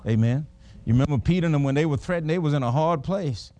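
A man's voice: a little high, fast, warm tone, no room sound. A middle-aged man preaching a sermon, folksy and emphatic, chuckling as he tells personal stories.

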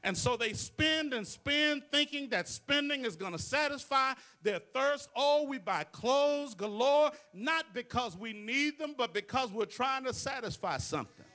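A man's voice: extremely high pitch, expressive, measured pace, few pauses, bright, forceful tone. A male pastor, preaching to his congregation with call-and-response asides. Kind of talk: sermon. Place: church sanctuary.

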